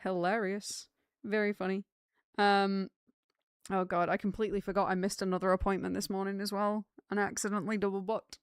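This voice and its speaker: Young woman, livestream chat, rambling and chatty, smooth clear voice, dry close sound. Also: mid-range voice, flat delivery, a little fast, no echo. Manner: chatty, rambling storytelling with many fillers. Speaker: streamer. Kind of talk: casual chat with live chat.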